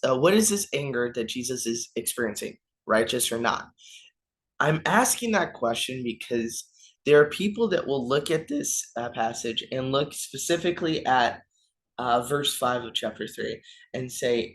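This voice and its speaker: A man's voice: medium pitch, fairly bright tone. A young man, a youth minister, gives an informal devotional reflection, stumbling over names and apologizing as he goes.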